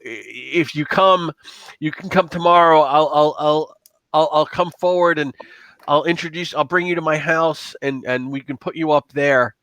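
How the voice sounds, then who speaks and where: A man's voice: a little high, steady tone, normal speed, a bit bright, no echo, lightly acted. A man doing a terrified stammering villager. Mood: pleading, panicked. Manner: stammering, desperate. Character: frightened young male villager, pleading.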